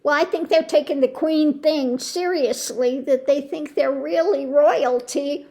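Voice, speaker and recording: A woman's voice: high voice, measured pace, mellow. A woman hosting her own channel, chatting casually at home in a rambling way, with many restarts and exclamations of disbelief. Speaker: tarot channel host. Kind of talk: casual chat to camera.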